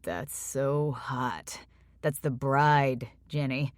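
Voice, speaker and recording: A woman doing a slow, deep-voiced flirty rich guy. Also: no echo, exaggerated voice.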